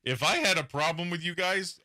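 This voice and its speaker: A man's voice: high-pitched, a little fast, pushed and bright, dry recording, clean studio sound. A man co-hosting a live stream, chatting casually and teasing his co-host with frequent laughs. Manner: joking, teasing banter, laughs often. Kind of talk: casual chat.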